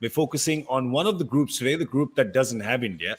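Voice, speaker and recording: A man's voice: medium pitch, animated, fairly quick, breathy edge. A man hosting a casual sports talk show, playful and teasing. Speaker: host. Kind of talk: casual studio chat.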